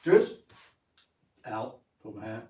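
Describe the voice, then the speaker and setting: A man's voice: fairly high pitch, lively intonation, moderate pace, recorded from a distance, a little hiss or hum. An English man leading a live-streamed dance lesson, chatting with viewers while counting and singing out the steps. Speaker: dance teacher. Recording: roomy sound from away from the mic.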